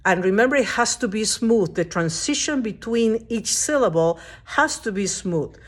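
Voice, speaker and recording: A woman's voice: mid-range voice, expressive, normal speed. A woman teaching a lesson at a whiteboard, explaining step by step and often checking that the class understands. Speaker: Spanish teacher.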